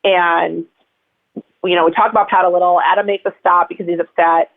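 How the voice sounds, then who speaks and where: Speaking fairly quickly with a lowish voice and flat delivery, a woman guest rambles through personal stories in a casual interview, filling her speech with fillers. The recording has the tinny quality of a phone line.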